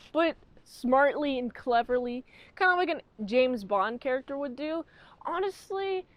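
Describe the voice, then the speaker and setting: A young woman giving a casual, chatty spoiler review of a movie, excitable and jumping from thought to thought. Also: sits high, no echo.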